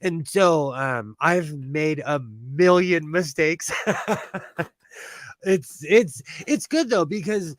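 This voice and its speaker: This young-sounding man from California, speaking with a Californian accent, draws out his words in an expressive, somewhat high voice while chatting casually on a sewing livestream. Frequent laughter and restarted sentences mark his talk, with no room sound.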